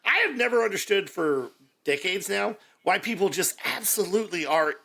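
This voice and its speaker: Lively gravelly man co-hosting a podcast. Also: high voice, normal speed. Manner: animated, joking, jumps in often. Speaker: podcast co-host. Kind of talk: casual chat.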